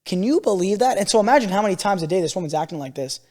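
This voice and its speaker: A man with a high voice, co-hosting a podcast and rattling through animated stories at a quick clip. He swears freely, and his voice rings with a long reverb. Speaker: podcast co-host. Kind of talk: casual podcast chat.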